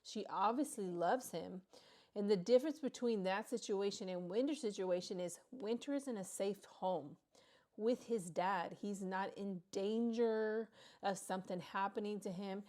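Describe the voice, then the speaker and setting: A woman's voice: mid-range voice, a little slow. Woman giving candid commentary. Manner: candid, explaining her take in a steady talk. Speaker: commentary channel host. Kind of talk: casual commentary.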